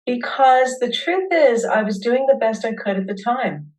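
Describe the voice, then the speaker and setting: A woman hosting a webinar, leading listeners through a guided tapping session with slow, soothing affirmations. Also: on the high side, lively intonation, darkish tone, distant mic, poor audio.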